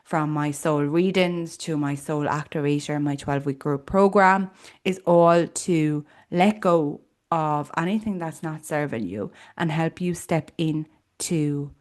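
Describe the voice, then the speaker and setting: A low-pitched Irish woman hosts this podcast at a measured pace. Her monologue is personal, reflective and earnest, loosened up by casual fillers.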